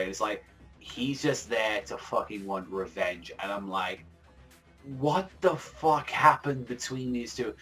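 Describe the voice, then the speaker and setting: A young man giving a casual manga review in a rambling, excitable, profane way, full of filler words. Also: on the low side, measured pace, faint music behind.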